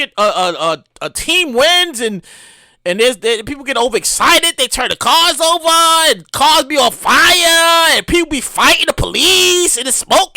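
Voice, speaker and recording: Woman, podcast host, casual comedic rant, profane, bright sharp voice, dry close sound. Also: fairly high pitch, dry recording. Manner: animated, profane, rambling, with exclamations.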